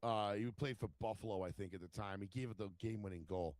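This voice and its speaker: A man casually telling profane, animated stories as a podcast co-host and acting out other people's lines. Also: on the low side, quick pace, no echo. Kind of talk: casual chat, storytelling.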